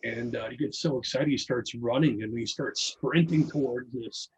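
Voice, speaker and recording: A man's voice: medium pitch, normal speed, vocal fry, a little hiss or hum, rough recording. A man telling a long story in casual talk, rambling with many restarts and fillers. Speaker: podcast guest reading his own article.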